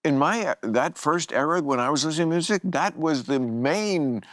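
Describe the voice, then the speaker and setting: A man's voice: fairly high pitch, expressive, normal speed, no echo, clean studio sound. An older man hosting a casual chat, wry and blunt, with frequent swearing. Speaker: host.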